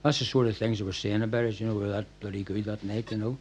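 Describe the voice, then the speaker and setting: An older man, a former football manager telling lively anecdotes at a club night and acting out what people said. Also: on the low side, racing, a little hiss or hum. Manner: animated storyteller, acts out quoted lines. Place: packed function room.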